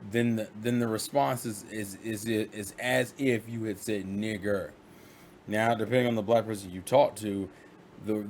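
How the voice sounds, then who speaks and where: A man vlogging in a casual monologue, rambling and animated, often restarting and acting out quotes. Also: on the low side, slight background noise.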